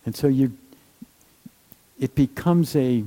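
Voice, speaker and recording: A man giving a gentle, unhurried meditation talk, with many fillers and trailing phrases. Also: mid-range voice, poor audio. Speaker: meditation teacher.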